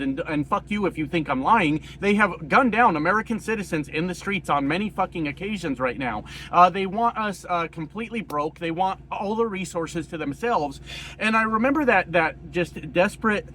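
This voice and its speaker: A man from rural Colorado giving a casual, profane political rant, hoarse and coughing, rambling with many fillers. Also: on the high side, a bit bright, a little hiss or hum. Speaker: political commentator.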